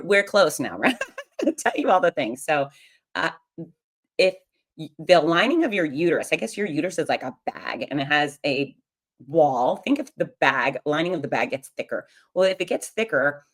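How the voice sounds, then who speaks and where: A middle-aged woman hosting a show, telling a personal story in a frank, humorous and confiding way. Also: sits low. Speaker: podcast host.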